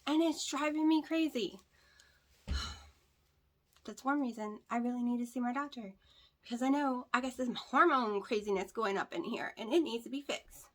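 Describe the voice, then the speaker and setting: A woman's voice: high voice, moderate pace. A woman with a country American accent, chatting candidly and bluntly to the camera at home in a casual vlog, repeating things for emphasis. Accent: rural American country. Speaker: keto weight-loss vlogger. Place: at home, indoors. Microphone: camera on a tripod with a light.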